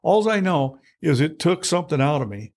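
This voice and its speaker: A man's voice: fairly high pitch, moderate pace. An older man in his sixties speaks as an interview guest, candid and blunt. He tells his story with salty language and acts out the voices of people in it. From United States. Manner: blunt, salty, animated retelling with acted quotes.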